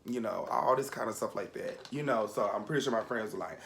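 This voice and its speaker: A man's voice: lowish voice, fast talker, creaky, few pauses, a bit bright, a little hiss or hum. Emotional young man telling his story. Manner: emotional, rambling, candid. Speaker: storyteller sharing a personal story. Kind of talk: casual chat.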